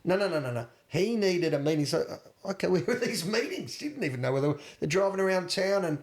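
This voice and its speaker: A man's voice: high voice, fast. A man co-hosting a casual film-review podcast, telling stories with feeling and tossing in rhetorical questions. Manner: animated, emotional storyteller with rhetorical questions. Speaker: podcast co-host.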